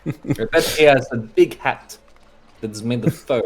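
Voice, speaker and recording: A man's voice: mid-range voice, unhurried. A man playing a tabletop game, chatting casually and playfully. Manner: laughing, playful. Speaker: player.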